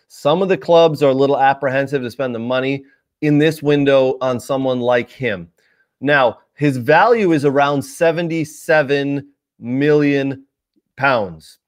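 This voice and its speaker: A man hosting a live soccer show, talking casually to viewers with lots of fillers and asides. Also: medium pitch. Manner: chatty, addresses viewers directly, many fillers. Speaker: sports show host.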